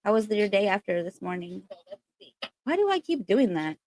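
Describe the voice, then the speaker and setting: A woman's voice: mid-range voice, big pitch swings, moderate pace, a little mellow, slight background noise. A woman hosting a casual spiritual livestream, chatting in a rambling way full of fillers, recorded on a laptop.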